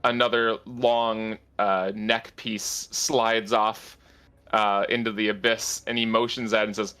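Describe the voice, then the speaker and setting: A man's voice: on the low side, flat delivery, unhurried, bright, forceful tone, clear, resonant tone. A man narrating a tabletop game as game master, describing scenes with restarts and fillers.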